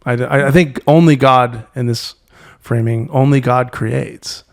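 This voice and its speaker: A man guest on an interview podcast, speaking reflectively and halting often to search for words. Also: mid-range voice, fairly even intonation. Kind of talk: reflective conversation.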